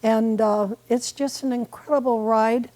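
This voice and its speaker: A woman in her eighties talks as a guest in a local TV studio. Her voice is mellow and dark. She chats warmly and rambles, with small restarts and fillers. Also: a little high, steady tone, measured pace, low-quality recording. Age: 80s. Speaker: community volunteer guest. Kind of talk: casual interview chat.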